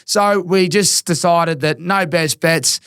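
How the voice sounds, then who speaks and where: A man with an Australian accent co-hosting a sports podcast from a studio, telling stories in an animated, casual way and swearing freely. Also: fairly high pitch, slow pace, clear, resonant tone, no echo. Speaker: podcast co-host.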